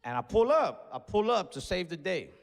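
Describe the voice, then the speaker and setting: Young stand-up guy, kinda high voice, swears a lot, acts out everybody, big echoey club. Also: moderate pace, creaky. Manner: animated, acts out other voices, profane and loose. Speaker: stand-up comedian. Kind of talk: stand-up storytelling. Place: comedy club stage. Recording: long hall reverb on stage.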